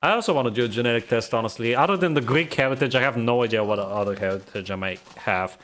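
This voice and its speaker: A man's voice: mid-range voice, fast talker, a bit bright. A man from the Balkans, streaming a game and chatting casually, grumbling and rambling as he laughs at himself.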